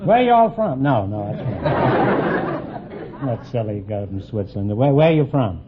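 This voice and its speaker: A man hosting a quiz show, teasing his contestants with quick punning asides. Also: medium pitch, sing-song, over a noisy crowd. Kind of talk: wisecracking quiz show banter. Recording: muffled 1950s broadcast, loud hiss.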